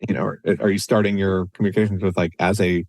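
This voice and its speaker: Male podcast co-host, low voice, chatty and loose, dry close-miked sound. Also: little pitch movement, rapid-fire, gravelly, a little mellow, no room sound. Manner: conversational, many restarts and "you know"s. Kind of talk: casual podcast discussion.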